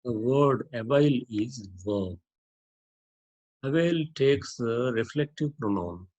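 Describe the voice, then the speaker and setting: A man teaching a lesson on using a dictionary, explaining slowly with many repetitions and "uh" fillers. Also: mid-range voice, expressive, darkish tone, lo-fi sound. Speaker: English teacher.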